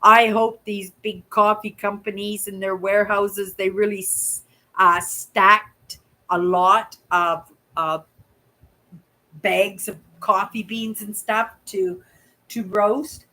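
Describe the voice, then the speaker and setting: A woman's voice: mid-range voice, steady tone, takes it slowly, pushed and bright, rough recording. A woman, chatting casually as a channel host and telling stories with a running "right?". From Canada. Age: 60s. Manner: chatty storyteller, keeps asking "right?"; acts out voices in quoted dialogue. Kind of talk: casual live chat.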